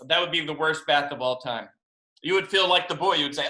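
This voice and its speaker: A man, a children's book author, reading a picture book aloud to young children over a video call, animated and chatty, in an echoey room. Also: a little high, fairly quick. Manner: animated, chatty storytelling to kids.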